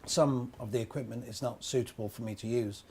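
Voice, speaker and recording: Working man with mild hearing loss, plain and measured voiced by an actor. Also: medium pitch, steady tone, darkish tone, slightly rough. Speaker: actor voicing a working man's testimony. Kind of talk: scripted testimony monologue.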